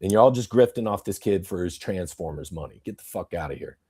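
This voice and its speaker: A man's voice: sits low, animated, fast talker, darkish tone, slightly rough. Angry, profane male podcast ranter. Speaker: podcast host. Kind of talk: profane ranting monologue.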